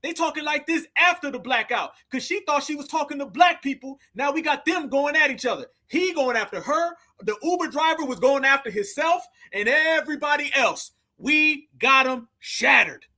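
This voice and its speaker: A man hosting a livestream, reacting loudly and hyping up his viewers. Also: very high-pitched, expressive, normal speed, few pauses. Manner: loud, hyped, calls viewers fam. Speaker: livestream host reacting to clips. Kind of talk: hyped livestream commentary.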